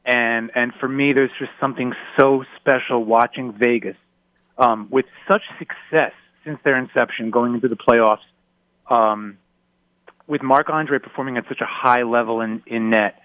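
A male caller to a sports radio show, excited but measured, with frequent fillers. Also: medium pitch, dry recording. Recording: phone line.

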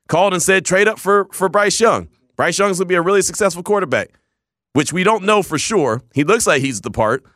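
A man hosting a sports talk radio show, emphatic and animated, often repeating words as he argues. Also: fairly high pitch, no echo, studio quality.

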